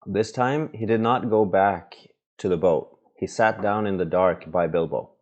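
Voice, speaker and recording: Very deep, slow reader. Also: male voice, highs cut off. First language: Norwegian. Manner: gentle, patient reading with small asides. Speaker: parent reading to his children. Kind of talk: storybook read-aloud.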